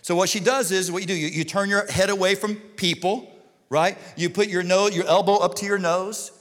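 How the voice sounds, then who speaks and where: Animated man preaching in a big hall. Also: high voice, moderate pace. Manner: animated, comic storytelling with shouted punchlines. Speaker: pastor. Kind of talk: sermon with storytelling. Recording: long reverb of a large hall.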